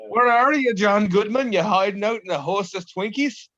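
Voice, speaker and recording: A man with a fairly high voice, trading blunt, profane jabs in casual podcast banter. His voice sits very dry and muffled, like lo-fi call audio. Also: normal speed, a bit bright, dry recording. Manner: blunt, combative, swears a lot. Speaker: podcast co-host.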